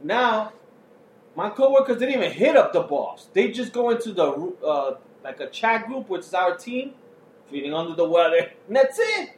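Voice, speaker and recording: High-voiced man telling stories, roomy sound. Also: big pitch swings, normal speed, a little hiss or hum. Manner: loose storytelling with profanity. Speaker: podcast co-host. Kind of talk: casual chat over beer.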